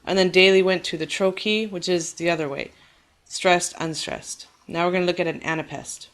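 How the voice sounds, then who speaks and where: Speaking at a quick pace with fairly even intonation, a woman teacher with a lowish voice records a lecture. She patiently and clearly walks students through the material, reassuring them, and exaggerates stress on words to demonstrate rhythm.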